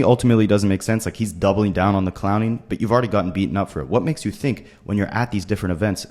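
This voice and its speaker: A man with a very deep voice gives quick commentary. He explains events and closes his points with rhetorical questions. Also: a little mellow. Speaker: commentary host.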